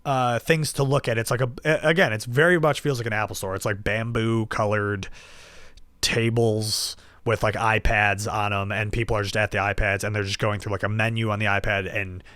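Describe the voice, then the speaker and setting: A man tells a casual story on his solo podcast, animated and self-deprecating, with plenty of fillers. His voice sits fairly low and sounds smooth and clear. The recording is close and dry. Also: normal speed, no echo. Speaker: podcast host.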